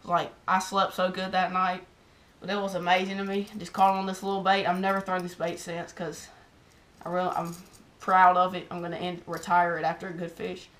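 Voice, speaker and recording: Excited rambling Southern woman telling a story. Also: fairly low pitch, moderate pace. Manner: excited and rambling, heavy use of "like". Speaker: fishing vlogger. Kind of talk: casual storytelling to camera.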